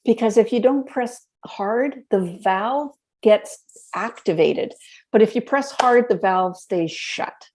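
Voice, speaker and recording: Taking her time, a woman with a mid-range voice guests on a podcast, recounting lively stories and explaining health tips step by step in a relaxed interview. A little hiss or hum sits in the background.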